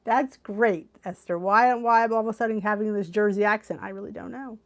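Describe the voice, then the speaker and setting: A middle-aged woman from the Philadelphia area, with the accent to match, hosts a weight loss channel live stream, chatting with viewers and laughing often. Her medium-pitched voice is brisk and steady in tone.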